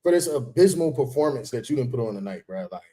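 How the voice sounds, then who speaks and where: A man's voice: mid-range voice, animated, quick pace, mellow. A young man co-hosting a podcast, teasing and mocking his co-host between laughs. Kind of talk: teasing sports banter.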